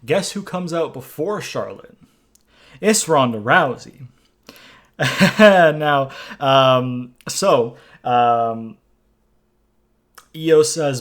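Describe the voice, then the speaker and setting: A man's voice: medium pitch, slow pace. A man casually recapping the card of his wrestling game universe, rambling and swearing loosely, with self-mocking asides.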